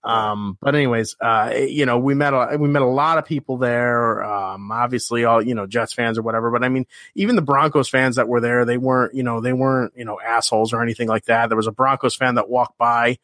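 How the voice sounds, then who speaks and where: A man's voice: mid-range voice, fairly even intonation, a little fast, hardly any pauses, a bit bright, no echo, studio quality. A man co-hosting a casual sports podcast, telling rambling stories, swearing, and acting out the voices of people he met. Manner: rambling storyteller, acts out quoted voices, swears. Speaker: podcast co-host.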